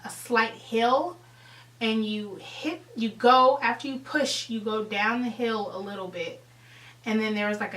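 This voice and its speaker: A young woman vlogger telling a story in a casual, animated way, swearing freely and acting out the scene. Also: on the high side, roomy sound, far from the mic, low-quality recording. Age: young adult.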